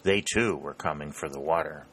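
A bold young Union soldier, urgent and determined, voiced by a man reading aloud. The delivery is low-pitched, with a bright, forceful ring. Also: moderate pace, a little hiss or hum. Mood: respectful.

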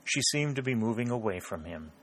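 A man narrating a novel in a measured, steady reading style. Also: medium pitch, a little hiss or hum. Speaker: audiobook narrator.

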